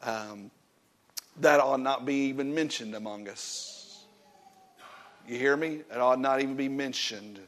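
A man preaching a sermon in a church, emphatic and folksy, swinging from loud points to hushed warnings. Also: medium pitch, unhurried, long pauses. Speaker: pastor.

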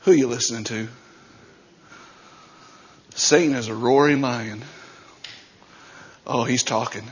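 A man preaching a sermon as pastor, swinging between shouted passages and quieter talk. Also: medium pitch, fairly even intonation, slow, dull audio.

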